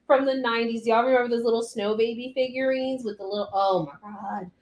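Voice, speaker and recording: Animated, cussing woman cake decorator. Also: fairly high pitch, a little fast, reverberant, dull audio. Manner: animated, profane, ranting. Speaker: cake decorator live streaming. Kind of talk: casual live stream chat.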